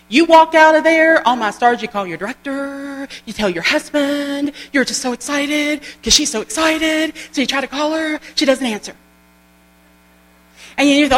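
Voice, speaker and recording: Animated woman in an echoing hall. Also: high-pitched, moderate pace. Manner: animated, exclamatory, folksy. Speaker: sales trainer. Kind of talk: motivational training talk. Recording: long hall reverb with mains hum.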